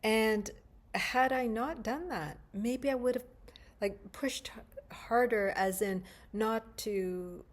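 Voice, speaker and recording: A woman's voice: fairly high pitch, slow. A woman hosting a spiritual video, telling a personal memory in a thoughtful, conversational way with plenty of fillers. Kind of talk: reflective personal storytelling to camera.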